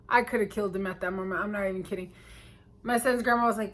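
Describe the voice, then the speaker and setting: A woman telling a true story in a casual storytime vlog, animated and emphatic, her volume swinging between loud and hushed. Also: medium pitch, brisk.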